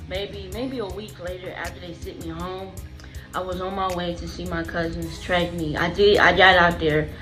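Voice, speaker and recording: A woman's voice: lowish voice, fairly bright tone, low-quality recording. A woman vlogger telling her own story in an earnest, emotional way, going back over phrases as she remembers. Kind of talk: personal storytelling to camera.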